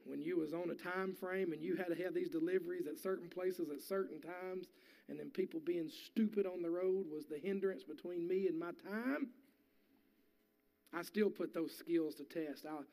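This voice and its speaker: A pastor preaches to his church in a high, gravelly voice. His folksy sermon builds into fervent preaching. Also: normal speed, warm tone. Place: church sanctuary.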